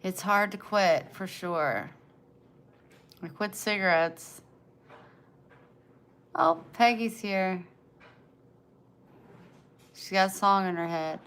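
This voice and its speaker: A woman's voice: medium pitch, takes it slowly, pauses often, fairly bright tone, clean tone. A woman in her forties chatting casually on a livestream, greeting viewers and reading their comments aloud. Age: 40s. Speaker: livestream host.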